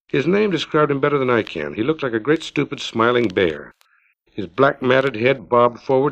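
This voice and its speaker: Middle-aged man, gravelly voice, steady literary reading, dull lo-fi 1950s LP sound. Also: medium pitch. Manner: steady, unhurried storytelling. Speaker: author reading his own story.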